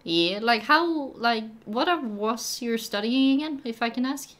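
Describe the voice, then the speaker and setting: A woman's voice: fairly high pitch, animated, unhurried, a bit bright. A young woman whose first language is Norwegian, hosting a casual live-stream chat, playful and giggly, with many fillers and restarts. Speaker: stream host.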